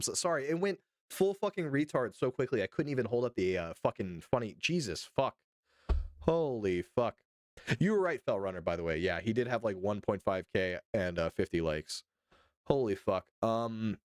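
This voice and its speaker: A man's voice: medium pitch, big pitch swings, moderate pace, no room sound, clean studio sound. A man hosting a livestream, reading news aloud and commenting in a sarcastic, profane way with bursts of mock outrage. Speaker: livestream host.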